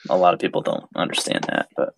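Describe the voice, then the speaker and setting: A man's voice: quick pace, a little hiss or hum. A young man co-hosting a casual podcast, bantering playfully and laughing. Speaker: podcast co-host. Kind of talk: casual chat.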